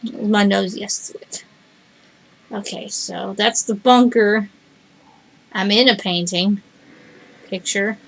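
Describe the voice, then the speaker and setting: A woman streaming a game live, reading the game's text aloud and chatting, reacting out loud and talking to her cat. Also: medium pitch, steady tone, slow pace, creaky, pauses often, rough recording.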